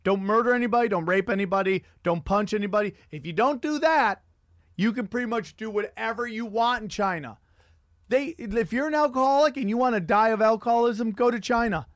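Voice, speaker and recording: A man hosting a casual podcast, telling rambling, profane stories with animated energy. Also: sits high, fairly quick, no room sound, clean studio sound. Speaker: podcast host and comedian. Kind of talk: crude casual chat.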